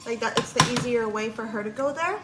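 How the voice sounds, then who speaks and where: Woman livestreaming a story, high voice, chatty, lots of "like", echoey room. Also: brisk. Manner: chatty, lots of "like", quotes people in her story; swears casually. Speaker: livestream vlogger. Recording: echoey room, faint background noise.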